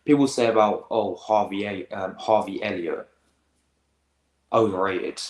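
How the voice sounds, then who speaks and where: Teen male streamer, deep voice, rambling slangy chat, echoey room. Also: steady tone, measured pace. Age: teens. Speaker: football reaction host. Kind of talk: casual live-stream chat.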